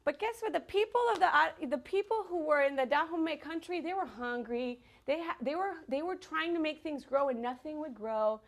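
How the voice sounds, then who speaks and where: High-voiced lady teaching kids a dance, upbeat, counting out the beat. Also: brisk, hardly any pauses. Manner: energetic, animated, counts rhythm aloud. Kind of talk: leading a children's dance class. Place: classroom.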